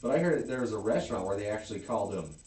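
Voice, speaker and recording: Man, deepish voice, casual chatty co-host, roomy echo, distant mic. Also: racing. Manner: swearing, animated storytelling. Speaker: podcast co-host. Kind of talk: casual beer-tasting chat.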